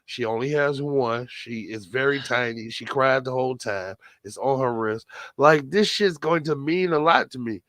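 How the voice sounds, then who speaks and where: A man's voice: mid-range voice, normal speed, a bit bright, dry recording. A man co-hosting a podcast, cursing freely and telling a story in casual chat, acting out quoted dialogue as he goes. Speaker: podcast co-host.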